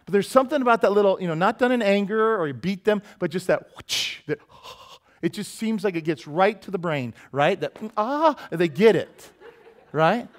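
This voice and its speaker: A middle-aged man preaching in a church sanctuary with a slightly high-pitched voice. He keeps it conversational and full of jokes, often dropping into little quoted voices. The tone is that of a pastor chatting with his congregation. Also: lively intonation. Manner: conversational, joking, quick shifts into quoted voices. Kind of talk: sermon.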